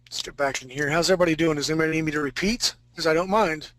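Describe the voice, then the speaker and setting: A man's voice: fairly high pitch, very fast, fairly bright tone, no room sound, low-quality recording. A man teaching a live fantasy-art drawing class, talking casually and joking with his students. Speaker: art instructor.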